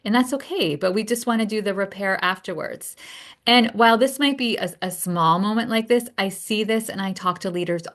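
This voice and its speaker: A woman's voice: medium pitch, brisk, a bit bright. A middle-aged woman hosting a solo podcast, telling a personal story in a reflective way with many fillers and restarts. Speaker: podcast host.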